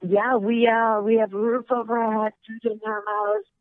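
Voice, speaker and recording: A woman's voice: a little high, steady tone, moderate pace, dry recording. Breathless woman on a tinny phone line. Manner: chatty, laughs easily, storytelling. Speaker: guest. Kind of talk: casual phone interview.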